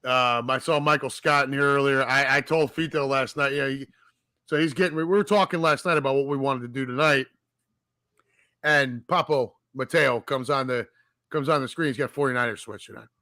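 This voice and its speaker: A man's voice: medium pitch, normal speed, no echo. A man hosting a casual podcast chat, joking and swearing as he tells stories. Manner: joking, profane, animated storytelling. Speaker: podcast host.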